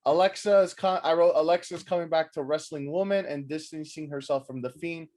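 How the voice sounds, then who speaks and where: A man's voice: fairly high pitch, brisk, darkish tone. A man co-hosting a wrestling podcast, talking in a rambling, jokey way with plenty of swearing, tired from a night without sleep. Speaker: podcast co-host. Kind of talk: casual wrestling chat.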